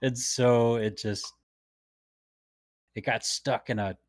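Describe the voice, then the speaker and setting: A man's voice: medium pitch, steady tone, takes it slowly, dry recording. A man co-hosting a podcast in casual chat, laughing often as he talks. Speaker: podcast co-host.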